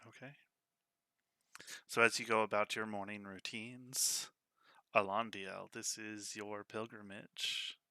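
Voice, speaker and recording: A man narrating as game master of a tabletop role-playing game in a calm, measured way. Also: on the low side, clear, resonant tone, no echo.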